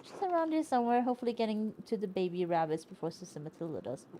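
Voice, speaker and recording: A woman's voice: medium pitch, big pitch swings, fast talker, warm tone, a little hiss or hum, natural voice. A woman voicing a friendly, gossiping nun while reading game dialogue aloud. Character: friendly round nun who gossips about the convent.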